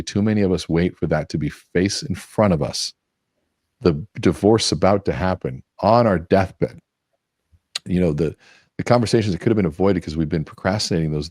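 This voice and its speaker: A man with a very low voice talks fast as a podcast guest, acting out quoted lines and restarting his sentences often. The recording is dry and close. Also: husky, no echo. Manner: fast, energetic, acts out quoted dialogue; frequent restarts. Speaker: guest expert. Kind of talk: podcast interview.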